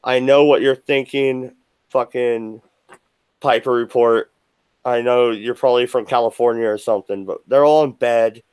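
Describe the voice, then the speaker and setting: A buzzed man hosting a live stream from his desk at home, ranting angrily with lots of swearing, swinging between shouts and mutters. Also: mid-range voice, fairly even intonation, normal speed, clean tone, no room sound. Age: adult with children. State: a little buzzed. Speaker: livestream host. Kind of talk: profane live-stream rant.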